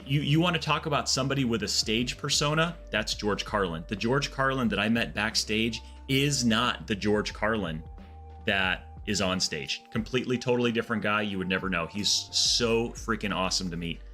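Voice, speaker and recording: A man streaming a game, telling long rambling stories in a casual, animated way, with lots of restarts. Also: on the low side, moderate pace, soft background music. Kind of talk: casual storytelling chat.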